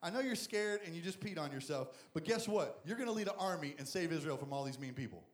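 Youth pastor, male, high voice, lively and comic storyteller from the pulpit, echoey room. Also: fast. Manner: animated, jokey, voices the characters. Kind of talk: lively sermon with acted-out Bible characters.

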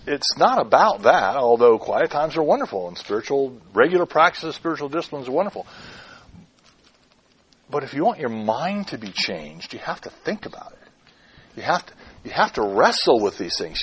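A man's voice: mid-range voice, slightly rough. A man preaching a sermon, musing aloud and repeating words as he turns them over. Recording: clip-on mic.

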